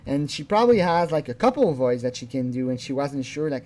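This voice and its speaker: A man's voice: medium pitch, big pitch swings, quick pace, a little mellow. A man hosting a casual video commentary, rambling along with chuckles and restarts. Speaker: channel host.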